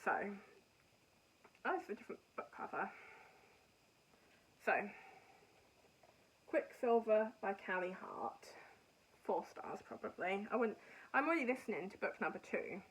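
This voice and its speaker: Woman podcast host, casual and meandering, plain middle pitch, gives frank opinions. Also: low-quality recording. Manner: rambling, chatty, frank opinions. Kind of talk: casual chat reviewing books and TV.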